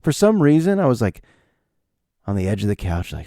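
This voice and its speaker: A man's voice: fairly low pitch, very animated, fairly quick, pauses often, warm tone, no echo, clean studio sound. A man hosting his own podcast, rambling jokily through a solo monologue and talking to himself. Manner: rambling, jokey, talks to himself. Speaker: podcast host.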